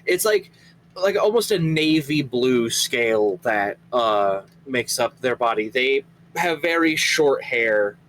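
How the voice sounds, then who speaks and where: Unhurried man narrating a tabletop game. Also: mid-range voice, expressive, fairly bright tone, slight background noise, low-quality recording. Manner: unhurried, descriptive, many fillers. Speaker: game master.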